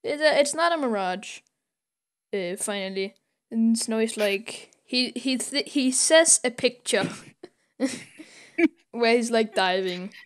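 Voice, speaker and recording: A young woman recaps a comic on a podcast in an unhurried, stop-and-start way. Her voice sits a touch high, and she fills the gaps with ums. She drops into the characters' lines as she tells the story. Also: expressive. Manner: halting, full of ums and laughs, acts out characters' lines. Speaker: podcast co-host. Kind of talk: casual comic retelling.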